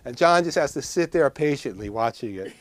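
A man with a New York accent lectures on herbal first aid at a middling pitch. He talks in a casual, digressive way with self-deprecating asides. The sound is dry, with no room echo. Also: lively intonation, brisk. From Long Island, New York. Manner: gestures a lot while talking. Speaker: herbalist teacher.

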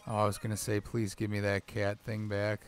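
Over soft background music, a gaming dad delivers profane let's play commentary in a lowish voice, brisk and completely flat, cursing often and grumbling at the game.

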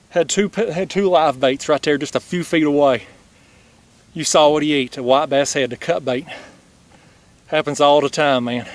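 A man hosting a fishing vlog from his kayak, exclaiming and out of breath. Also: on the high side. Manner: excitable, exclaiming, drawn-out words. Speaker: fishing channel host. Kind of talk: excited outdoor vlog. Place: kayak on a lake outdoors.

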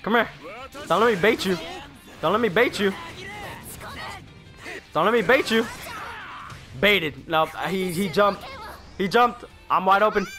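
A young man giving casual gameplay commentary, trash-talking his opponents with a laugh and frequent swearing. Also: high-pitched. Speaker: gaming YouTuber. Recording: faint game music behind.

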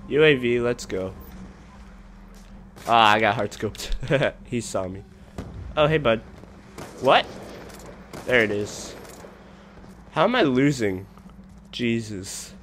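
A young man giving casual commentary over his own gameplay, excitable and trash-talking, swinging between low mumbles and sudden shouts. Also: very slow, pauses often, slight background noise. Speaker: gaming channel host.

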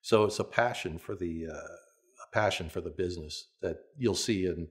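An older man with a very low voice recalls his working life in a relaxed, storytelling way. He restarts his sentences often and chuckles as he talks, like someone being interviewed about a long career. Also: moderate pace. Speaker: veteran stunt performer and coordinator.

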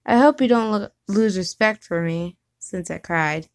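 Woman reading a gentle, shy teen boy in a plain storybook voice, dry close sound. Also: mid-range voice, a little slow, no room sound, natural voice.

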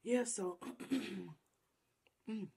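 A woman's voice: fairly high pitch, extremely slow, dark tone, husky. A woman vlogger chatting casually to her viewers while eating a meal on camera, savoring each bite. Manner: chatty, talks while chewing, savoring food. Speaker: mukbang vlogger.

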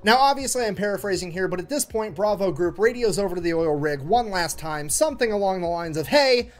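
High-voiced sarcastic male history storyteller. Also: expressive, quick pace. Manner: sarcastic, profane, acts out radio exchanges. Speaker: history commentator. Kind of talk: comedic storytelling narration.

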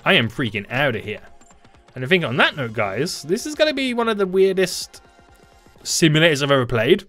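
Young male gamer, upbeat let's play host, lively and teasing, bright tone. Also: on the high side, a little fast, no echo, soft background music. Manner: excitable, playfully taunting, jumps into loud shouts. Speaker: gaming YouTuber.

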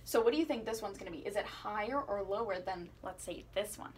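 A woman teaching children a playful singing lesson, asking questions and encouraging them as she swoops her voice high and low. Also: fast, a little hiss or hum. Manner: encouraging, asks the listener questions. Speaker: music teacher.

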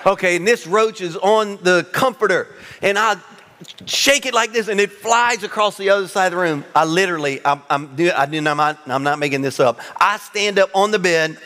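A male pastor preaching a sermon to his congregation, telling funny personal stories with lively, self-mocking humor. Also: sits high, moderate pace, big-room sound. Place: large church sanctuary.

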